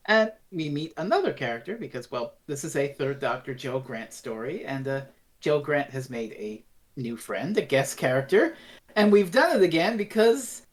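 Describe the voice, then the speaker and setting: A woman co-hosting a casual review podcast, retelling scenes in an animated way and swearing freely. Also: sits low, normal speed. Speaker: podcast co-host.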